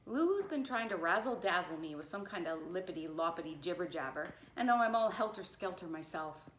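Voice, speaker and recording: A woman's voice: fairly low pitch, lively intonation, brisk, a little hiss or hum, lightly acted. A woman voicing a strict, flustered schoolteacher in a storybook, scolding and fussy. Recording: roomy echo.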